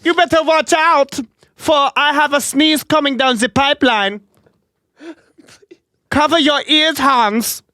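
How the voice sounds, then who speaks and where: Comedic bit: a man playing a loud, hammy German man with a mock German accent, pitched up high. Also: slow, pauses often, no echo, studio quality, heavily acted. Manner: hammy, shouting exclamations. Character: loud blustery German man with huge sneezes.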